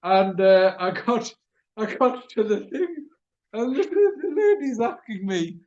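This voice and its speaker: High-voiced chuckling man. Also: slow, dull audio. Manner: animated storyteller, chuckles at himself. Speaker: radio show host. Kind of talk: casual chat.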